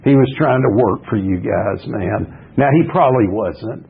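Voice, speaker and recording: A man's voice: on the low side, normal speed, gravelly, husky. A man, sharing his story at a recovery meeting in a blunt, rambling, folksy way full of restarts. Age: 60s. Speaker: AA speaker. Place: meeting hall. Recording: muffled lo-fi meeting recording.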